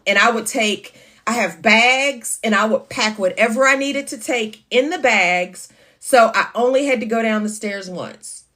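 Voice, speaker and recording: A woman chats through a casual morning livestream, calling out viewers by name and leaning on endearments like honey and baby. Her voice sits a little high and leaps up in excited bursts. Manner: lively, swings up high in exclamations. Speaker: livestream host.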